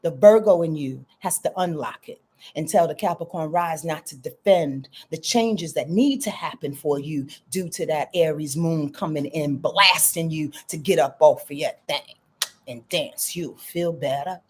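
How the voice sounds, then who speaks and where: A woman astrologer giving lively, slangy live-stream readings, answering viewers by name and swearing freely. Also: low voice, measured pace, slightly rough. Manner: animated, slangy, swears freely, reads viewer comments aloud.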